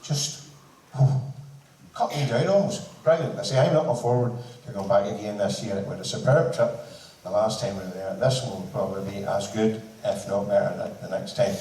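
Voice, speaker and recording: Speaking to a seated audience in a large concert hall, a band member tells a joking story, acting out the other people's lines. He has a fairly low, dark voice at a moderate pace, captured from a distance with echo and faint noise.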